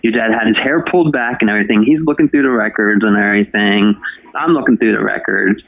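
Chatty radio host guy from jersey, lowish voice, tinny dry phone sound. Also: fast, creaky, crowd noise. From New Jersey. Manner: chatty storyteller, talks to anybody. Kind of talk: casual interview.

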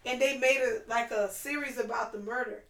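A woman with a gravelly, rather high voice chats casually as a podcast co-host, telling stories in an animated way and laughing often. She sits back from the mic, and the room sounds echoey. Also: a little fast, distant mic. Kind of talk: casual chat.

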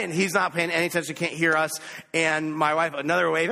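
A man preaching a sermon, telling a lively, self-mocking story about himself. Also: on the high side, quick pace, gravelly. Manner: animated, self-mocking anecdote. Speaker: pastor. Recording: echoey hall.

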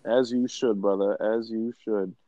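A young man in casual chat, teasing friends and telling an excitable story. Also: fairly low pitch, measured pace, no echo, highs cut off.

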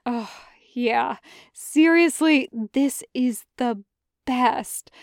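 A woman's voice: sits high, extremely slow, no room sound, studio quality, heavily acted. A woman voicing a cocky young man who vlogs candy reviews, wry and swearing casually. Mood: cheeky.

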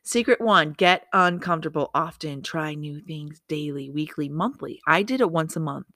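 A woman hosts a motivational podcast, chatty and upbeat, often correcting herself and making asides to herself. Her low voice is animated, bright, and forceful at a normal speed, recorded at studio quality with no echo.

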